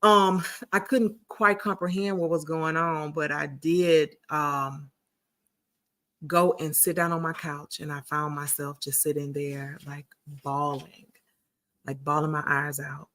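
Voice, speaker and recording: This woman in her 40s hosts a casual livestream, chatting in a folksy way and calling her viewers sugars and honey. Her voice is low and fairly bright, with fairly even intonation and a measured pace.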